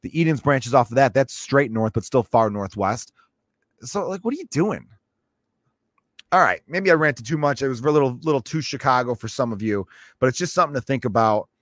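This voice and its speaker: A man's voice: medium pitch, lively intonation, a little fast, a bit bright, no echo. Sarcastic ranting man, dry sound. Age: adult parent. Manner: sarcastic, profane, exasperated. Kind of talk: comedic rant.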